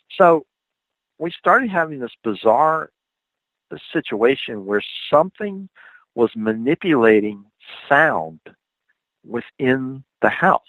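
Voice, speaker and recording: A man, a paranormal researcher, telling a ghost story as a radio show guest, acting out the voices of his companions as he goes. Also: no echo. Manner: animated, acts out quoted dialogue with pitch jumps. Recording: tinny phone line, dry.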